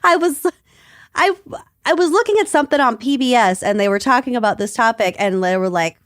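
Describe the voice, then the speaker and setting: A woman's voice: a little high, brisk, a bit bright, no room sound, studio quality. A woman from the Midwest co-hosting a podcast, chatting casually and enthusiastically and laughing often. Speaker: podcast co-host. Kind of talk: casual chat.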